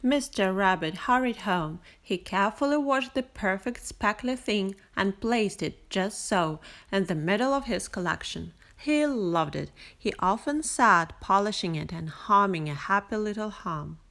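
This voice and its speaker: A woman reading a bedtime picture book aloud, gentle and expressive, with sing-song repetition. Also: mid-range voice, measured pace, hardly any pauses. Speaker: storyteller. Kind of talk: bedtime story read aloud.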